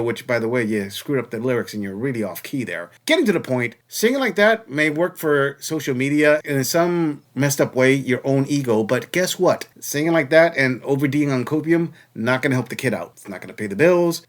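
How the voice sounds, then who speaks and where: A man hosting a reaction commentary channel, talking in a sarcastic, mocking way. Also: mid-range voice.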